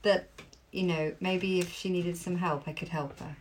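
A woman's voice: lowish voice, steady tone, moderate pace. Tentative woman playing a tabletop game. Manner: tentative, questioning. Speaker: player. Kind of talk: casual tabletop play.

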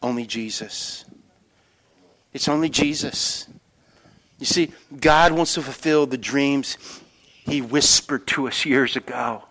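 A middle-aged man preaching a sermon as pastor, telling stories with animated energy and dropping to quiet, earnest emphasis. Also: mid-range voice, takes it slowly, long pauses. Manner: animated storytelling that shifts between loud excitement and quiet earnest emphasis.

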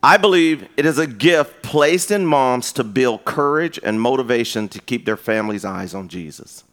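A man preaching a sermon in a lively, conversational way, mixing in humor. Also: mid-range voice, normal speed. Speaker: pastor.

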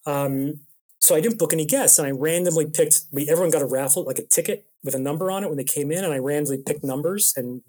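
A man from Toronto, an improv comedian telling stories in a casual interview, animated with lots of restarts. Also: a little high, fast talker. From Toronto, Canada. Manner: animated storyteller, rambling restarts. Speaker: improv comedian and show producer.

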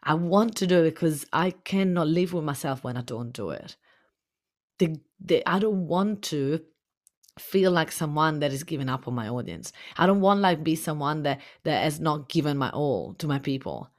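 Low-voiced impassioned woman coach. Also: expressive, moderate pace, a little mellow. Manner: impassioned, repetitive. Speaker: business coach. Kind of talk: motivational podcast talk.

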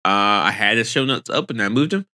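A man co-hosting a casual podcast, talking animatedly, his pitch jumping up when he gets excited. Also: a little fast. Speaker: podcast co-host. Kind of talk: casual chat.

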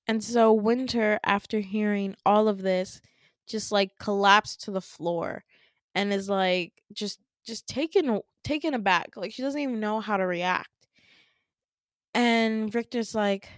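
A woman's voice: medium pitch, unhurried, no echo, studio quality. Chatty young woman retelling a dream. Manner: chatty, filler-heavy, laughing asides. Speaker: podcast host. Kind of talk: casual storytelling of a dream.

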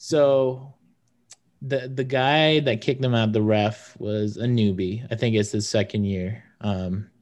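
A man's voice: fairly low pitch, steady tone, slow, a little mellow. A young man co-hosting a casual sports podcast, talking loosely with many fillers. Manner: rambling, lots of fillers. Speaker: podcast co-host.

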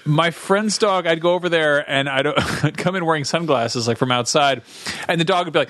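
A man's voice: a little high, a little fast, fairly bright tone, dry recording. A man co-hosting a comedy podcast, telling offhand stories and riffing with crude jokes. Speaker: co-host. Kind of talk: casual comedy podcast chat.

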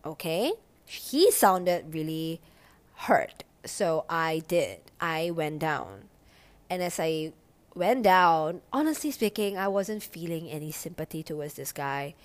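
A young woman telling a story casually, animated, swearing a lot and using lots of "like". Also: deep voice, takes it slowly.

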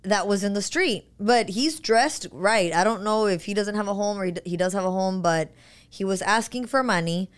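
A woman hosting a podcast, telling a story in casual chat, animated and mixing English with Spanish. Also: medium pitch, moderate pace, clear, resonant tone. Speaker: podcast host.

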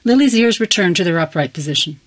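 Low-voiced woman reading a story. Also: lively intonation, quick pace. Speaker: story reader. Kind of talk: reading fiction aloud.

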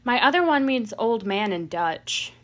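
A woman's voice: on the high side, animated, measured pace, fairly bright tone. A woman co-hosting a podcast in casual chat, rambling through stories and laughing often. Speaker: podcast co-host.

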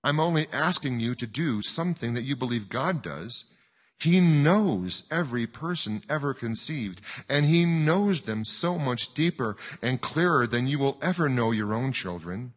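A man voicing a calm, wise woman who quietly presses a grieving father, speaking slowly and gently. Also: mid-range voice, pitched above the performer's own voice, lightly acted. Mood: probing. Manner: slow, quiet, gently probing. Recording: long hall reverb.

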